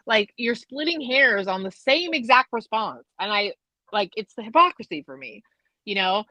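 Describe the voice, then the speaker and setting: Higher-voiced woman ranting about a reality show, indignant, says like a lot, dry close sound. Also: expressive, sharp tone, no room sound, poor audio. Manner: indignant, fast-talking, lots of "like". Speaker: guest. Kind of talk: casual reality TV review.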